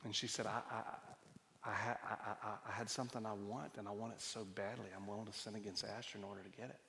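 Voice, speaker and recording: A man's voice: lowish voice, fairly even intonation, quick pace, creaky, bright, forceful tone, big-room sound, slight background noise. A man preaching a sermon, telling personal stories in a conversational way with frequent restarts. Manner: storytelling, conversational with many restarts. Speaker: pastor. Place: church hall.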